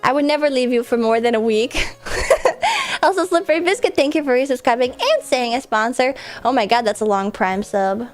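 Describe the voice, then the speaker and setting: A woman's voice: on the high side, fairly quick, faint music behind. A woman streamer, stuffed up from a cold, chatting casually and giggling while she reads out viewer messages. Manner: chatty and giggly, with lots of likes and restarts.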